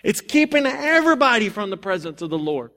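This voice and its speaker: High-voiced man preaching a sermon. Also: a little fast. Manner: storytelling, animated, reads scripture aloud.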